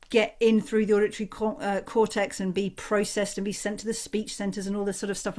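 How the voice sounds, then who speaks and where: A woman from the north of England with a Northern English accent, a communication coach giving an expressive, conversational workshop talk over a video call. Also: medium pitch. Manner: expressive, conversational, acts out examples.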